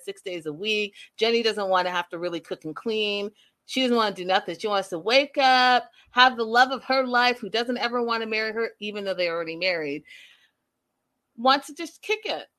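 A woman's voice: on the high side, a bit bright. A woman giving an opinionated, sassy recap of a reality show, talking straight to her viewers. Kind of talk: casual reality TV recap commentary.

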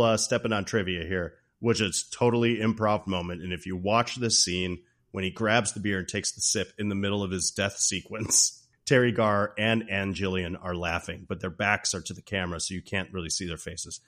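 Male podcast host, lowish voice, lively recap, laughs a lot. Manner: animated, laughs often, acts out scenes. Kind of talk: casual movie recap.

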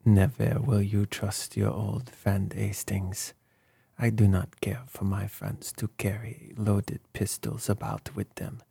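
A man's voice: lowish voice, vocal fry, dark tone, breathy edge, dry recording, heavily acted. A man voicing a fussy, precise older male detective who speaks formally with mild reproach. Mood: reproving.

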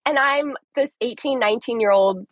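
A woman's voice: a little high, normal speed, dry recording, muffled recording. A young woman in her twenties, a caller dramatically retelling a story in a casual chat. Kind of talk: animated storytelling.

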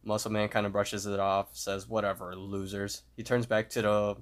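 A man's voice: fairly low pitch, normal speed, clear, resonant tone. A man co-hosting a podcast, retelling a cartoon episode scene by scene in a casual way. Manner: steady play-by-play retelling with fillers. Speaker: podcast co-host.

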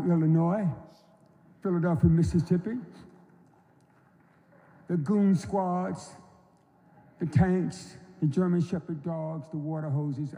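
A man in his seventies from North Carolina, giving an unhurried, folksy storytelling speech at an induction ceremony. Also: fairly high pitch, dark tone. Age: 70s. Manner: unhurried, folksy, acts out quoted voices. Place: large hall. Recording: long reverb of a large hall.

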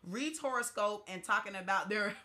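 A woman's voice: mid-range voice, normal speed, pushed and bright. A woman co-hosting a podcast, reading out replies with sassy asides. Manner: reads list aloud with sassy asides. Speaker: podcast co-host. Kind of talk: casual chat.

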